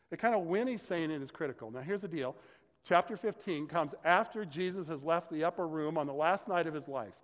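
A male pastor teaching a sermon from scripture in a conversational, explanatory way, often checking in with "okay" and "right". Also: fairly high pitch. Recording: long hall reverb.

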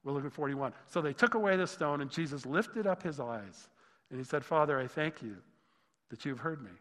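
Higher-voiced male pastor preaching in a hall. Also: fairly quick. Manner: expressive, exclaiming, swings between loud and hushed. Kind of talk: sermon. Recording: long hall reverb.

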